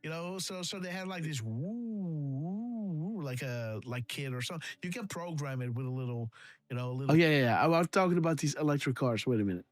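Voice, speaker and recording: A man's voice: mid-range voice, lively intonation, quick pace, no room sound. Guy chatting on a livestream, laughs a lot, mimics sounds, dry close sound, music behind. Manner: laughing, repeats himself, imitates sound effects. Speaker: livestream host. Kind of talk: casual livestream commentary.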